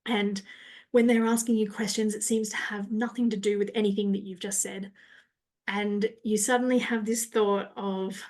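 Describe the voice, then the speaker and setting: A woman's voice: medium pitch, little pitch movement, normal speed, a little mellow. Woman, coach, podcast guest, casual explaining, mid-range voice. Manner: coaching tone, often checks in with "right?" and "you know".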